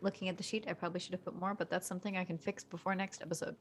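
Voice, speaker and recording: A woman's voice: on the low side, flat delivery, very fast, faint music behind. A woman playing a tabletop game, describing her character's actions casually with lots of fillers. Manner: chatty, with many fillers. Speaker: player. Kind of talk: casual role-play chat.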